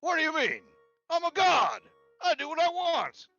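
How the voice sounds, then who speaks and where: A man voicing a boisterous, forgetful male sea god with crab claws, talking loud and boastful. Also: fairly high pitch, sing-song, takes it slowly, no room sound, pitched above the performer's own voice, exaggerated voice. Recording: dull lo-fi with faint music.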